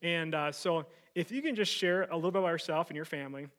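A man's voice: a little high, fast talker, a bit bright. Friendly man introducing a guest. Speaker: event host.

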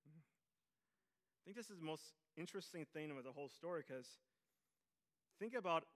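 A man preaching a sermon in a bright, fairly high voice. He tells stories and acts out the people in them. His delivery swings from loud, ringing bursts down to hushed, almost whispered lines. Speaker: pastor.

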